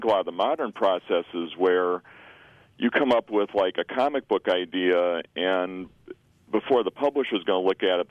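A man's voice: deep voice, no echo. A man in his sixties calling in to a radio show, talking at length and restarting his sentences often. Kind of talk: call-in radio comment. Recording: muffled dry radio audio.

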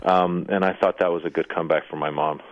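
A man's voice: low-pitched, fairly even intonation, fast talker. A man, a comedian and actor, telling stories as a guest in a radio interview and acting out the voices of people he quotes. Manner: anecdotal, acts out quoted voices. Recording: tinny phone-line sound, dry.

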